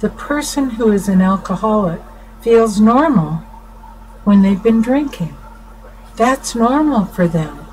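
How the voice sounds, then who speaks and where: A middle-aged woman counselor explaining to viewers in an informal talk, unhurried, restarting her sentences often. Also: mid-range voice, lively intonation, darkish tone, poor audio. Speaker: family counselor. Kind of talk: informal teaching talk to camera. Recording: faint background noise.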